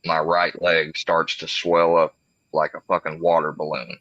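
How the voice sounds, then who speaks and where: Deep-voiced man telling a rambling story. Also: monotone, unhurried, a bit bright. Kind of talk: casual livestream chat. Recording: dull lo-fi recording.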